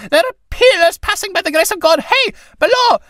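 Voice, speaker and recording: A man voicing an enraged older priest in a play reading, shouting shrill threats. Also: lively intonation, moderate pace, no room sound, studio quality. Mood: frantic.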